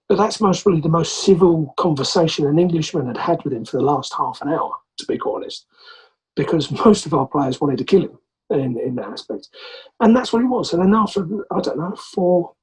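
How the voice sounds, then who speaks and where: English guy spinning a yarn, husky and kinda high, does all the voices. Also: poor audio. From England. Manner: animated, acts out quoted voices. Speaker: podcast guest, former rugby player. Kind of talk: anecdotal storytelling.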